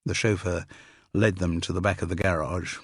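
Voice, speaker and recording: A man narrating an audiobook in a measured, wry storytelling manner, with a slightly breathy voice. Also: low-pitched, fairly even intonation, dry recording. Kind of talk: scripted narration. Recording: dry close studio sound.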